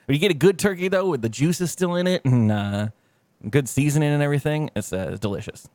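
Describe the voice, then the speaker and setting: A man's voice: a little high, animated, quick pace, darkish tone, no room sound. A man co-hosting a podcast, telling rambling, profane stories in casual chat. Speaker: podcast co-host.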